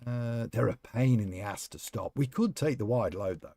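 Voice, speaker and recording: In a creaky, dark-toned, mid-range voice, a man chats at a moderate pace while live-streaming a game. His talk is rambling and casual, and he calls out chat members by name.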